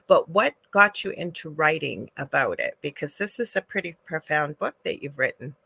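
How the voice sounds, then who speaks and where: Bright, chatty woman host. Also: sits low, lively intonation, normal speed, creaky, slightly rough. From Thunder Bay, Canada. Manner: chatty and rambling, with many fillers. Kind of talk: casual interview chat.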